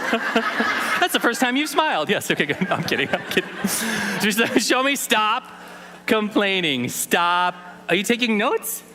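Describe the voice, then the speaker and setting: A man's voice: high-pitched, very animated, slow, music in the background. A man in his thirties giving a playful keynote at a conference, teaching sign language and joking with the audience. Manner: playful, teasing, jokes with the crowd. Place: large conference hall.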